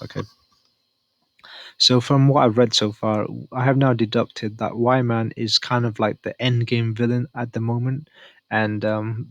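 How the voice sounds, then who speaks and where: Male reviewer, low-pitched, dry recording, casual rambling delivery. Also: fairly bright tone, no room sound. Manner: rambling, thinking aloud while reading. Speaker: manga reviewer.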